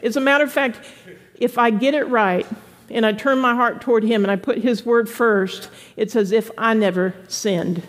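A woman pastor preaching an animated sermon to a congregation, slipping into playful voices for quoted people. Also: fairly high pitch, normal speed, long reverb tail. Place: church sanctuary with congregation.

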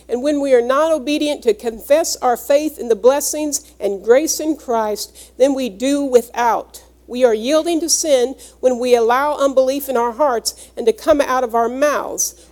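Woman preacher, high voice, earnest teaching sermon delivery. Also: a little mellow. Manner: earnest, teaching, explains each word. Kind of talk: sermon with scripture reading.

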